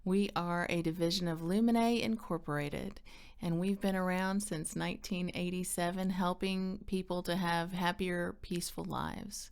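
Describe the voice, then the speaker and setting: A middle-aged woman who directs a counseling center gives friendly, upbeat parenting advice to the camera. Her voice is on the low side, gravelly yet smooth, steady in tone and at normal speed. Chatty and quick to laugh, she acts out quoted dialogue.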